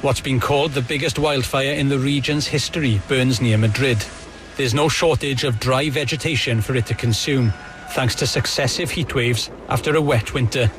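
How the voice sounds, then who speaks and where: A male correspondent narrating a scripted news report in a steady, measured way. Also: mid-range voice, noisy background.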